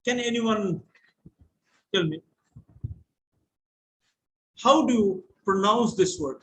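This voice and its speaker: A man's voice: high-pitched, slow, slight background noise, low-quality recording. A man with an Indian English accent giving an online lecture to students, explaining patiently and spelling words out letter by letter over a video call.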